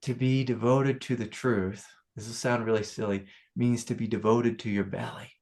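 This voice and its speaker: A man's voice: medium pitch, moderate pace. Man giving a casual spiritual talk. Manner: casual storytelling, animated. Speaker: spiritual teacher. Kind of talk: satsang talk.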